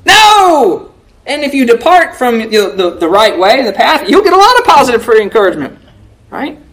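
A preacher with a medium-pitched, fairly bright voice delivers a folksy, conversational sermon, speaking a little fast and very animatedly. He keeps checking in with the congregation by asking "right?" and acts out quoted prayers and remarks in a raised voice.

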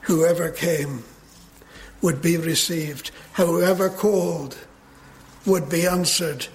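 A man preaching a sermon in a measured way, building to emphatic peaks. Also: a little high, fairly even intonation.

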